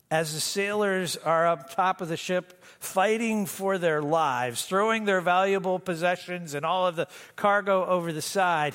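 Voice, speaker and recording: A middle-aged pastor preaching a sermon in a conversational way, with self-deprecating humor, acting out the voices of the story. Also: male voice, fairly high pitch, a bit bright. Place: church sanctuary. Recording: long hall reverb.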